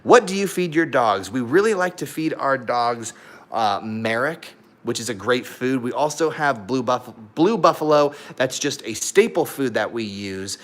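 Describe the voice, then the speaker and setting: A young man chatting casually to camera about his dogs, lively and loud at times, breaking off to talk to his dogs. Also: medium pitch, a little slow. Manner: animated and loud at times, talks to his dogs mid-sentence. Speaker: vlogger, husky owner.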